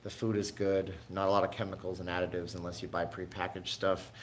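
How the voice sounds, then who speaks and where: A man's voice: sits low, flat delivery, a little fast, slight background noise. A man from Canada hosting a casual livestream from his home, rambling chattily and answering viewers' questions. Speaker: livestream host.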